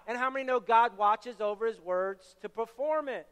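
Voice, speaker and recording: Young male pastor, bright high voice, animated sermon delivery with shouted peaks, reverberant hall. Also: normal speed, hardly any pauses, clean tone, highs cut off. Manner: animated, storytelling with loud shouted bursts.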